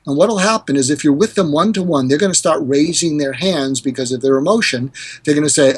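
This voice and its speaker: A man's voice: a little fast, husky. An older man, a hostage negotiator and author, explaining communication techniques in a podcast interview and acting out quoted lines. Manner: animated, acts out quoted dialogue with pitch jumps.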